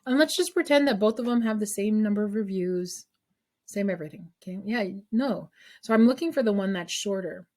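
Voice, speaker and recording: A woman teaches a math class in a lively, chatty way. She explains each step aloud and keeps checking in with the students. Her voice sits at an everyday middle pitch. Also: a little fast. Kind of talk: classroom lesson.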